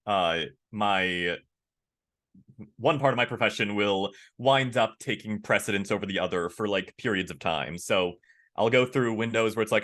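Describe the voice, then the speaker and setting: Bright-voiced man, animated storyteller. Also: normal speed. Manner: animated, acts out quoted lines with big pitch jumps. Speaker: voice actor guest. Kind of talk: casual interview chat.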